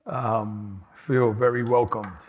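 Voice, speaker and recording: A man's voice: on the low side, steady tone, slow. A man from New York City with a New York accent, giving a casual, personal conference keynote with frequent restarts. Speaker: keynote speaker. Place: large conference hall. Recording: reverberant hall.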